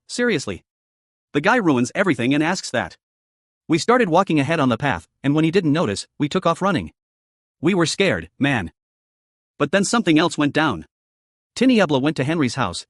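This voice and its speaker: A man's voice: on the high side, no room sound, studio quality. A man narrating a personal story in a casual, conversational way, dropping "man" and swear words.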